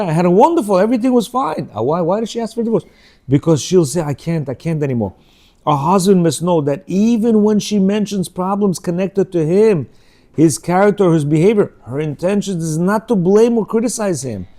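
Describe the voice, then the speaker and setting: A man's voice: a little high, dark tone. A man teaching a religious marriage class in a conversational way, asking rhetorical questions, acting out quoted dialogue and using Hebrew religious terms.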